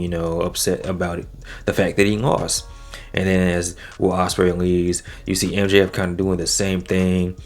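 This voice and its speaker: Deep-voiced man recapping wrestling casually. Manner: laid-back slangy talk, animated swings in pitch. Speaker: wrestling show reviewer. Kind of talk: casual solo review recap.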